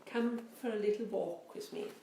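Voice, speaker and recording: A woman's voice: mid-range voice, normal speed, warm tone, recorded from a distance, lightly acted. A woman voicing a kind, patient man. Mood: kind, inviting. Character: kind gentle grown man, patient teacher. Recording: roomy, faint background noise.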